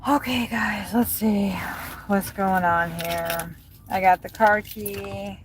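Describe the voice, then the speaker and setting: A woman's voice: medium pitch, fairly even intonation, takes it slowly. A woman chatting casually and rambling on a livestream from inside her car, swearing now and then. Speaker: livestreaming delivery driver. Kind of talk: casual livestream chat while driving. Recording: noisy car interior.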